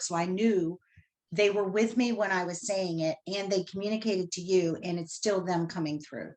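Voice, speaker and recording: A middle-aged woman calling in to tell an emotional personal story, animated and acting out the dialogue she recalls. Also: fairly low pitch, normal speed. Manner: animated retelling, acts out dialogue. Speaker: caller telling of a reading.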